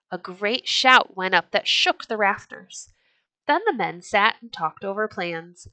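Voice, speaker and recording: A woman reading a storybook aloud with gentle, expressive narration. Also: lowish voice, measured pace, no echo.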